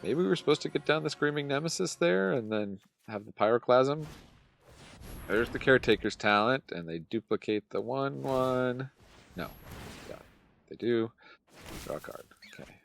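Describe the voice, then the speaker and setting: A man's voice: mid-range voice, animated, moderate pace, gravelly, a little hiss or hum. A man giving casual gameplay commentary as a channel host, muttering his thoughts aloud while he plays.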